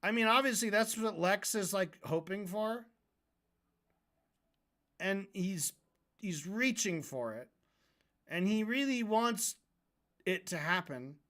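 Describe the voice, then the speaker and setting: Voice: mid-range voice, fairly bright tone. Profane ranting debate streamer. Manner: profane, mocking rant. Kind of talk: livestream debate reaction.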